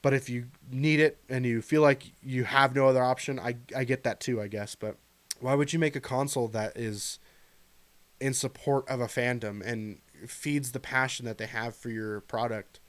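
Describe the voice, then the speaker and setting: A man's voice: mid-range voice, steady tone, normal speed. A man, a gaming commentator ranting to camera in a frustrated, earnest and pleading way. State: choked up near the end. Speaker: gaming YouTuber.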